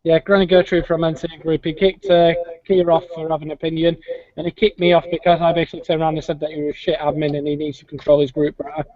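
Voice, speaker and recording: A man's voice: a little high, level tone, quick pace, dry recording. A man co-hosting a podcast, chatting casually in a rambling, hesitant way. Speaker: podcast co-host. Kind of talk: casual chat. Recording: dry lo-fi podcast audio.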